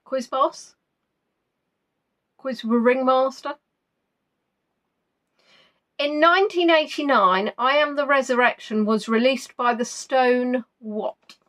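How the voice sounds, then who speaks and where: A woman's voice: sits high, level tone, takes it slowly. A woman hosting a live quiz, reading out viewers' answers in a chatty, playful way and musing between questions. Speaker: quiz host.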